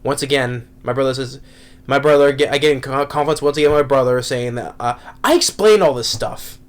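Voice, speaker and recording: A man's voice: mid-range voice, brisk. A man ranting through a movie review, rambling and exasperated, with frequent restarts and repeated words.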